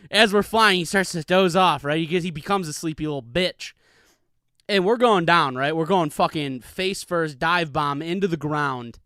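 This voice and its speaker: Profane high-voiced man riffing solo. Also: normal speed, bright, forceful tone, smooth, dry recording, clean studio sound. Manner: rambling, profane, hyped storytelling. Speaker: comedy podcast host. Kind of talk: solo comedic monologue. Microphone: studio mic with pop filter.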